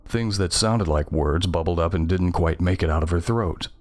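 A man's voice: low voice, normal speed. A man narrating a first-person horror story in a tense, scripted reading.

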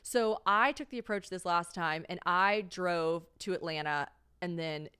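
A woman's voice: unhurried, smooth. A young American woman hosting a podcast at home, telling a story in casual chat and acting out the voices she quotes. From United States. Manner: animated, acts out quoted voices in a high pitch. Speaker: podcast host.

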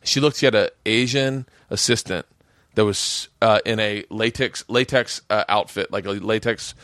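A man's voice: lowish voice, normal speed, fairly bright tone, dry recording, studio quality. A man casually telling a wild story, laughing often and acting out the quotes himself. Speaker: podcast guest.

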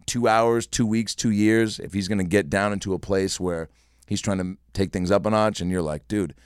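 A man's voice: fairly low pitch, fairly even intonation, moderate pace, clean tone, no room sound, studio quality. A young man hosting a casual podcast chat, joking and riffing in silly voices. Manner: jokey, riffs with silly put-on voices. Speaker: podcast host.

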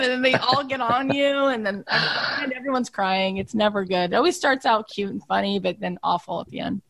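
A woman's voice: fairly quick, gravelly, hardly any pauses, dry recording. A middle-aged woman hosting a podcast in casual chat, telling stories and acting out quotes. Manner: animated storyteller, acts out quotes in high voices. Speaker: podcast host.

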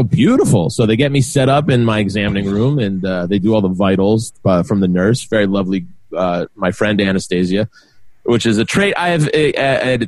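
A man's voice: mid-range voice, no echo. Forties new guy on a podcast, spinning a story, does all the voices, dry close mic sound. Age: 40s. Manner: animated storyteller, acts out quotes. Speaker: podcast co-host. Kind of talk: casual storytelling chat.

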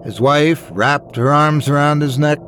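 A man reading scary stories as a dramatic, expressive narrator. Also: on the high side, a little slow, faint music behind. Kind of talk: scripted horror story narration.

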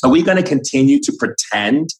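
A man's voice: medium pitch, lively intonation, brisk, low-quality recording. A man speaking as a spiritual guide in an impassioned, preachy way, acting out quoted conversations.

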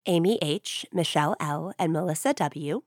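A woman's voice: deep voice, normal speed, a little mellow, dry recording, studio quality. A woman co-hosting a podcast with a stuffed-up, congested voice, joking and playful. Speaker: podcast co-host. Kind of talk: casual podcast banter.

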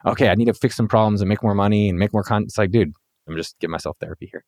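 Fast-talking upbeat male host. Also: fairly low pitch, a little mellow, dry recording, clean studio sound. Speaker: podcast host. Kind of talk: casual podcast conversation.

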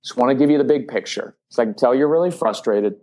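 A man, a parenting expert guest on a podcast, talking casually and acting out calm phrases for parents to use. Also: mid-range voice, quick pace. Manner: animated, acts out parent phrases.

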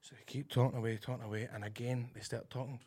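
A man's voice: medium pitch, fast, slightly rough. A Scottish man co-hosting, telling a cinema story in casual, sweary chat. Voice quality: swears freely, animated storyteller. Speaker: co-host.

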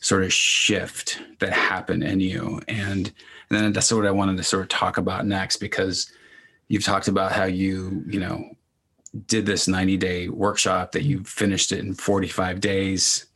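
Deep gravelly male podcast host. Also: monotone, fairly bright tone. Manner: encouraging, affirming, drawn-out thoughtful phrasing. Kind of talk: casual interview chat.

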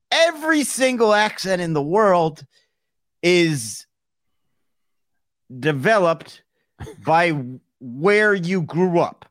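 A man's voice: high voice, a bit bright, no room sound, clean studio sound. A man co-hosting a casual comedy podcast, rambling through his jokes with lots of restarts. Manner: rambling, full of fillers and restarts. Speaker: podcast co-host.

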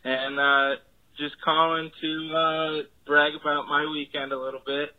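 A man from Cincinnati leaves a voicemail for a podcast, bragging in an offhand way. His voice sits a bit high and stays flat and monotone. It comes through a thin, tinny phone line. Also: a little slow. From Cincinnati, USA. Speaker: caller. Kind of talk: voicemail message.

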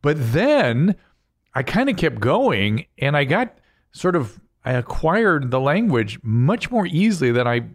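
A man's voice: fairly high pitch, very animated, a little slow. Rambling older male podcast host. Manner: rambling, self-interrupting. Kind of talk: casual chat.

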